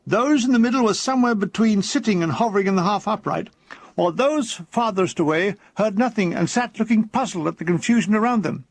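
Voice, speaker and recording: A man reading his own comic war memoir aloud as an audiobook, with a dry, deadpan delivery and quick put-on voices for the people in the story. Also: high voice.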